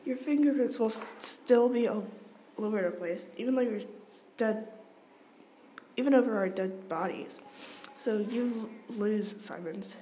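A frightened, protective teenage boy, read aloud by a woman, who stammers and pushes his words out in a panic. The voice sits a little higher and louder than the reader's own, and the tone is mellow. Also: a little slow, slight background noise, natural voice. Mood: fearful.

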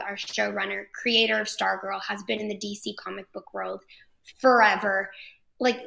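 A woman from Texas, an actress guest chatting enthusiastically in an interview, with frequent quick restarts. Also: medium pitch, vocal fry, a bit bright. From Texas, USA. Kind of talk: casual interview chat.

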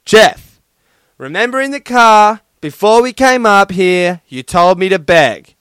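Man putting on a squeaky, whiny little girl, insistent and very high. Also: very animated, slow pace, dry recording, studio quality, heavily acted. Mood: blurting. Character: pleading five-year-old little girl.

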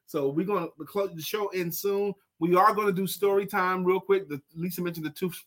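A man co-hosting a casual live show, chatting and telling a story in an animated, dramatic way. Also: sits high, brisk. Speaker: co-host.

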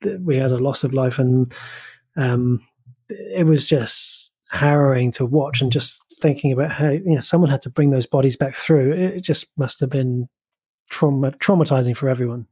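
A man co-hosting a relaxed film review chat, his voice slightly husky and recorded dry with no room sound. He talks eagerly, with many fillers and restarts. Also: medium pitch, normal speed, no echo. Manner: chatty and enthusiastic, with frequent fillers and restarts. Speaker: film podcast co-host.

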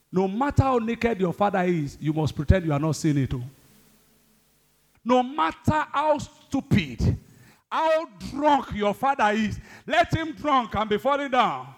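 A man preaching a sermon, exhorting the congregation, swinging between loud high bursts and low asides. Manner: exhorting, calls the congregation to respond. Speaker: pastor.

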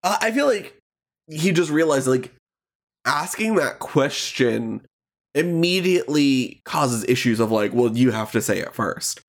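A man's voice: mid-range voice, expressive, unhurried. A man co-hosting a podcast, chatting casually about a reality show with a lot of "um" and "like" and frequent laughs. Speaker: podcast co-host.

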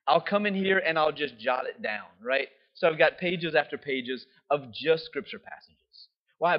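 Man, preacher, conversational sermon, frequent "right?", somewhat high pitch, muffled lo-fi sound. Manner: conversational, keeps asking "right?". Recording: dull lo-fi sound.

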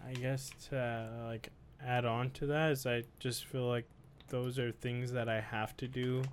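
Laid-back podcast co-host, faint background noise. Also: male voice, medium pitch, level tone, a little slow. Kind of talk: casual podcast chat.

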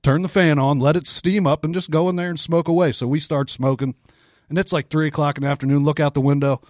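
A man co-hosting a podcast, telling a story in a casual, profane, animated way with frequent laughs. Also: fairly high pitch, fast talker, dry recording, clean studio sound. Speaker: podcast co-host.

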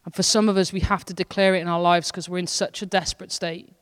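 A woman associate pastor preaches in a casual, heartfelt way, her voice smooth and resonant. Her intensity rises and falls as she speaks, and a long reverb from the church hall trails after her words. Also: lowish voice, little pitch movement, quick pace. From Wales. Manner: earnest, conversational preaching with shifting intensity. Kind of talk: sermon.

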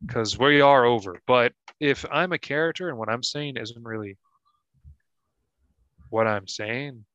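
A man riffing through an improvised comedy sketch at a middling pitch. He stammers and restarts, with an incredulous edge. The sound is dry and close. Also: measured pace, a bit bright, no room sound, lo-fi sound. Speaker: comedy podcast co-host.

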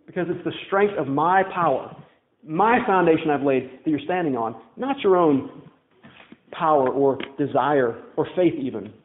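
A man's voice: fairly high pitch, moderate pace. A young man from Louisiana preaching a sermon in a church, telling stories casually with wry asides. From Louisiana, USA. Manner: conversational storytelling, wry asides. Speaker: pastor. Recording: tinny, echoey church recording.

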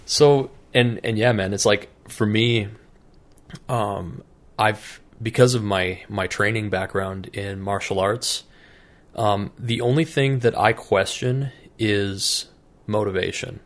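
Fields: Sex: male. Role: co-host. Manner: profane, animated storyteller. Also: lowish voice, takes it slowly. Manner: profane storyteller acting out quoted voices. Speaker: podcast co-host. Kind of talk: casual podcast chat.

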